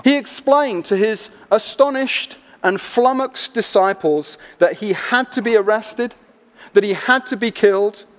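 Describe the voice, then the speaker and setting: A man preaching a sermon, telling stories with animated energy and acting out the people in them. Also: high-pitched, unhurried. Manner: animated storytelling, acting out voices. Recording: long hall reverb.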